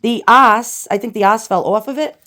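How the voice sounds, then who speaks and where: A woman's voice: a little high, moderate pace. Chatty New York woman hosting an unboxing. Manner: chatty, animated, talks to viewers directly. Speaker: relic restorer and video host. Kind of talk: casual unboxing commentary.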